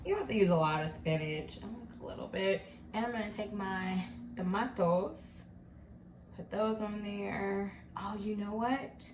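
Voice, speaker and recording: A woman hosts her own cooking vlog in a home kitchen, chatty and upbeat as she talks to her viewers. Her voice sits in a middle range. The recording has a clear echo off the room and steady background noise. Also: mid-range voice, unhurried. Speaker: host of a home cooking show. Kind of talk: casual cooking vlog chat.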